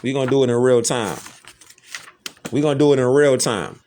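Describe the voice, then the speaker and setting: A man's voice: medium pitch, a little fast, a little mellow, a little hiss or hum. A man hosting a casual lecture, talking emphatically in slangy street talk and repeating rhetorical questions. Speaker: host. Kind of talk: casual lecture showing images.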